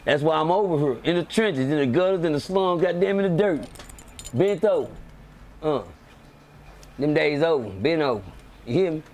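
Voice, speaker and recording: A man telling a street story on a live stream, animated and acting out the voices of the people in it. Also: on the high side, normal speed, long pauses. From Texas. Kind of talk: casual storytelling.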